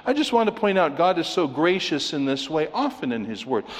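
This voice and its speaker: A man's voice: fairly high pitch, very animated, a little fast. A man preaching an expository sermon in an earnest, explaining way, asking rhetorical questions as he goes through a passage. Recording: long hall reverb.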